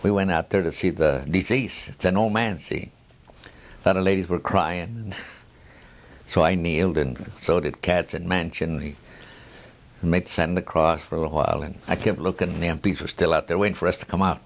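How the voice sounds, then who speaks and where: A man's voice: deep voice, steady tone, moderate pace, creaky. A man in his nineties telling war stories in a rambling oral history, chuckling at his own tales and restarting his sentences. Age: 90s. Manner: frequent restarts and trailing asides.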